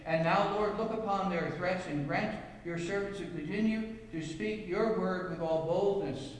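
High-voiced preacher in an echoey hall. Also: male voice, normal speed. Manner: preaching with scripture readings, anecdotes and rhetorical questions. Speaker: pastor. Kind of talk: sermon. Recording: echoey hall, mic from far off.

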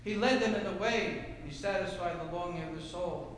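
A man's voice: a little fast, a little hiss or hum. Preaching man in a reverberant hall. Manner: swings from low and soft to loud shouted cries. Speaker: pastor. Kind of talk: sermon. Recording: echoey hall with long reverb.

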